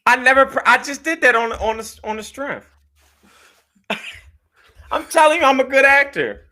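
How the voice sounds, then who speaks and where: A podcast co-host trading casual banter, this man speaks at a measured pace with an extremely high pitch. He's animated, jokes around, and laughs easily.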